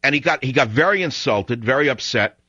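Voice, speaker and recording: A man's voice: medium pitch, expressive, brisk, sharp tone, no echo. Ranting male radio host, dull dry sound. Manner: ranting, sarcastic, digressive. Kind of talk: opinionated radio monologue.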